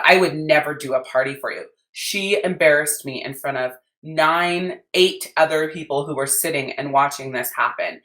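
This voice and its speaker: A woman's voice: low voice, a bit bright, reverberant. A woman business coach with an American accent telling a story in a blunt, emphatic podcast rant, swearing freely.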